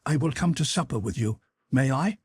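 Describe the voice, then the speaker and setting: An eager, warm-hearted young man in an audiobook, read by a man narrating. He speaks keenly, in a husky, breathy tone. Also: medium pitch, expressive, a little fast, no room sound, clean studio sound, voice pushed up.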